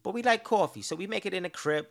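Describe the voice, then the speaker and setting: Casual podcast guy, fairly high voice, petty and exasperated, cussing through his stories. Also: quick pace, vocal fry. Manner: profane, animated storytelling. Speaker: podcast host. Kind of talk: casual ranting monologue.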